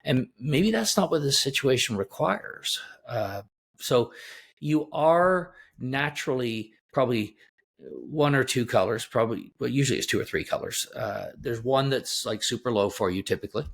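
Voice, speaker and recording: A man's voice: mid-range voice, moderate pace, vocal fry, slightly rough. Middle-aged man telling emphatic anecdotes. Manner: emphatic, animated anecdotes with many restarts. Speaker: executive coach, guest. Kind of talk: conversational storytelling.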